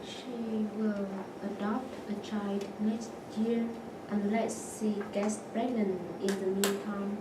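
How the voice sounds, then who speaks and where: A woman's voice: mid-range voice, little pitch movement, slow pace. A woman student answering in class, hesitant and searching for her words. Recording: echoey classroom, distant mic, noisy.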